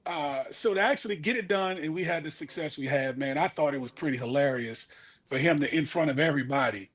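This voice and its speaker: Husky man telling old team stories. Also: on the high side, brisk, a bit bright. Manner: rambling, lots of fillers and restarts. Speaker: former college football player. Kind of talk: casual podcast storytelling.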